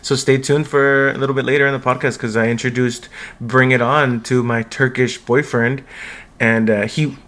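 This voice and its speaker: A man co-hosting a casual podcast, animated and quick to swear and laugh. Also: mid-range voice. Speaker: podcast co-host. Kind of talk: casual chat.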